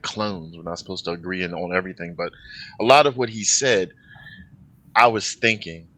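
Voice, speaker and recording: Lower-voiced man with a bright forceful tone. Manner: chatty, animated questions, candid opinions. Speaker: reaction channel co-host. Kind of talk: casual chat reacting to a song.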